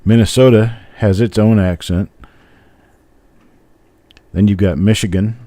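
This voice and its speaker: Speaking a little slowly in a lowish, dark voice with fairly even intonation, an older man hosts a live coin roll hunt stream. His general American accent carries easygoing, rambling chatter with viewers, punctuated by frequent chuckles. No echo is present.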